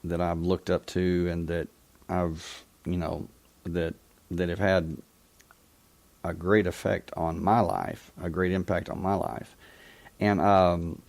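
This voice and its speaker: A man hosting a call-in talk show, telling a personal story in a reflective, halting way. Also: sits low, gravelly, a little mellow. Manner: reflective, halting, with frequent restarts. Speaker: radio call-in show host.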